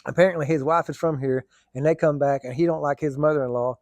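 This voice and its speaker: A man's voice: a little high, steady tone, fast, a little mellow, no room sound. A man telling rambling, colloquial stories in a casual vlog and laughing often. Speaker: vlogger. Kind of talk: casual storytelling.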